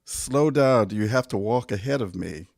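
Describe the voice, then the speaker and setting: A man, a poet, reading his own poems aloud in a measured, deliberate way, pausing between phrases, his voice going hoarse. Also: lowish voice, a little mellow, dry recording, studio quality. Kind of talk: poetry reading.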